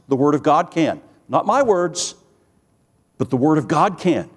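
A man's voice: fairly high pitch, lively intonation, moderate pace, in a large hall. Earnest male preacher delivering a sermon. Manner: earnest, builds emphasis with rising lists; storytelling with quoted dialogue.

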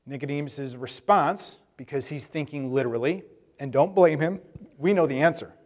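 A man's voice: a little high, normal speed, a little mellow, in a large hall. A man preaching a conversational sermon, acting out the voices of the people in his story. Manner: conversational, acts out voices of Bible figures. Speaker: pastor.

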